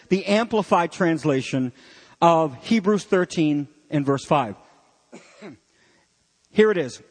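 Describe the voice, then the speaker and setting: A man preaching with a high, lively voice, mixing jokes into his sermon. His voice carries a long hall reverb, as from a church sanctuary. He works to keep the congregation following along. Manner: animated, jokey preacher. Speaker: pastor.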